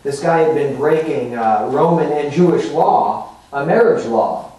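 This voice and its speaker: A male pastor with a warm, animated voice on the high side speaks at a measured pace, delivering a casual sermon. He teaches conversationally, sprinkling in fillers and rhetorical asides. He's heard from far off in a very echoey church sanctuary.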